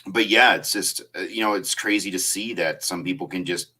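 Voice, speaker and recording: A man hosts a relaxed conversation over drinks, his voice low and unhurried. He rambles through stories with frequent ums and pauses, breaking into easy laughter. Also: slightly rough. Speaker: podcast host. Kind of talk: casual chat.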